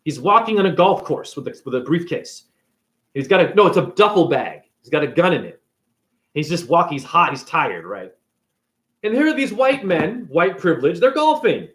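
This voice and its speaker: A spiritual video creator with a fairly high voice rants casually about a movie, retelling it at a moderate pace. He's profane and animated, swearing freely and slipping into little acted bits for each character, his pitch leaping widely from line to line.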